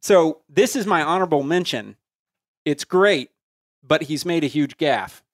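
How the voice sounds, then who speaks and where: A fairly high-voiced man reads sale listings on a casual podcast, slowing down to spell handles out one letter at a time. He sits at a close studio mic, and the sound is dry and tight with no room around it. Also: animated, dry recording. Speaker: podcast co-host reading listener listings.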